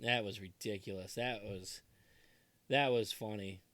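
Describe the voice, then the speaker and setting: Man, 30s, animated podcast co-host, dry close sound. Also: fairly low pitch, unhurried, no room sound. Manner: animated, quotes movie lines in put-on voices. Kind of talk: casual chat.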